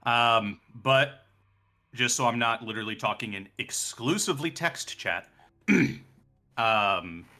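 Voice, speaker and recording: Slow, bright-toned male game master. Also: medium pitch. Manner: laughs often, loose with fillers. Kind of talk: narrating a tabletop game.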